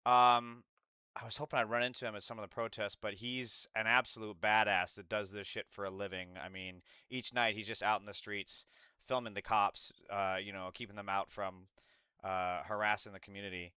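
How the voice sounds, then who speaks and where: A man's voice: lowish voice, little pitch movement, moderate pace, sharp tone, clean tone, dry recording, studio quality. A man streaming live, reacting to clips with heated, mocking, profane commentary.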